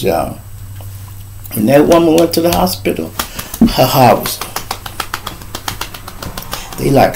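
A man hosting a live street show, telling a profane story in heavy slang, swinging between loud outbursts and low asides. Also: creaky, slight background noise, low-quality recording.

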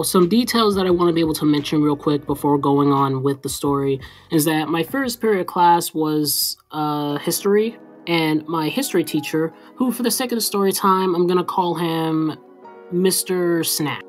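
Woman storyteller, low-pitched and rambling. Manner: rambling, with frequent fillers. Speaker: story time vlogger. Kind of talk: casual storytelling.

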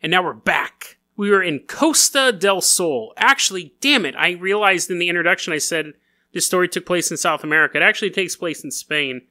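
Man, podcast host, high lively voice, jokey storytelling, laughs a lot. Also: brisk. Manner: joking, laughs often, acts out silly voices. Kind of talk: casual comedic storytelling.

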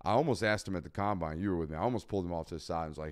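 A man's voice: low-pitched, rapid-fire, hardly any pauses, clean tone. A man hosting a live sports talk show, emphatic and blunt, repeating points for stress. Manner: blunt, casual swearing. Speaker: podcast host.

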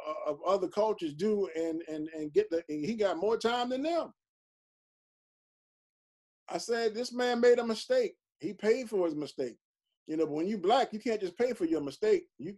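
High-voiced pastor teaching emphatically. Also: male voice, a little mellow. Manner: conversational, emphatic, frequent "you know". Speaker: pastor leading Bible study. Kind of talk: informal Bible study teaching.

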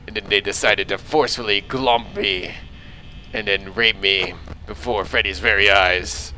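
A man's voice: fairly low pitch, moderate pace, sharp tone, a little hiss or hum, poor audio. A man hosting a gaming video, joking and rambling crudely as he plays. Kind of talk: let's play commentary.

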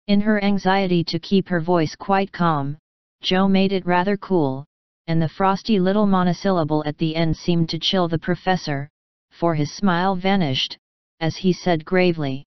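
A woman narrating a classic novel as a bedtime audiobook, with calm, even storytelling. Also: on the low side, moderate pace, smooth, no echo. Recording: dry, slightly dull sound.

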